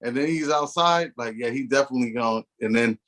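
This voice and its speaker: A man's voice: medium pitch, fast, fairly bright tone. A man co-hosting a casual movie review chat, slangy and profane, retelling scenes with animation. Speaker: podcast co-host.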